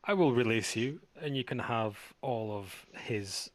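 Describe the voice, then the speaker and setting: A man voicing a commanding female captor who speaks slowly, curtly and dismissively. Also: mid-range voice, animated, dry recording, natural voice. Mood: cold. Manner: slow, curt, dismissive.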